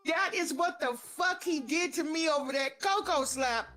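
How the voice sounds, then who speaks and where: Woman, high voice, animated profane storyteller, faint music behind. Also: normal speed. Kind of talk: casual storytelling.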